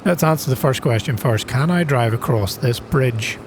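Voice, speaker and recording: A man's voice: mid-range voice, expressive, normal speed, background noise. Chatty man playing a game. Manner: chatty, self-deprecating, exclaims with gasps when surprised. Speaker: gaming channel host. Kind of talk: casual gameplay commentary.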